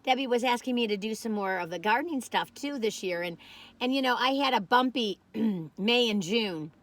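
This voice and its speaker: Rambling folksy woman, lively voice. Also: fairly high pitch, normal speed. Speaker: food reviewer. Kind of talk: casual taste-test chat.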